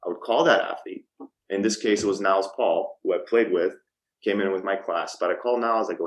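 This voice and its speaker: A low-pitched man in his thirties speaks as a podcast guest in an easygoing, conversational way. He tells his story by acting out the voices in the phone calls he describes. His delivery is loose, with frequent ums and restarts. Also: brisk, low-quality recording. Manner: lively storyteller who acts out quoted phone calls. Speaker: podcast guest, startup co-founder. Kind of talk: casual storytelling interview.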